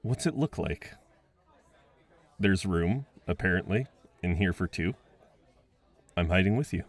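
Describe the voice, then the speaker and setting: A man voicing a friendly young man at a party, talking gently and coaxingly with frequent chuckles, in an audio role-play. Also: deep voice, lively intonation, a little slow, heavily acted. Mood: gentle, teasing.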